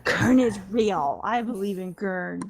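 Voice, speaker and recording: A woman's voice: medium pitch, animated, measured pace, gravelly. A woman narrating as dungeon master in a laid-back, easygoing way, with frequent filler words and laughter. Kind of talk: narrating a tabletop game.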